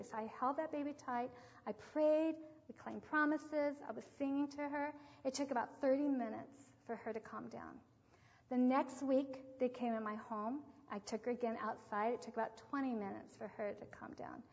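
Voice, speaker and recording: An older woman with a fairly high voice teaches about parenting, telling stories with lively acted quotes. The recording is muffled, and her voice rings out in an echoey hall. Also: moderate pace. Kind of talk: devotional teaching talk.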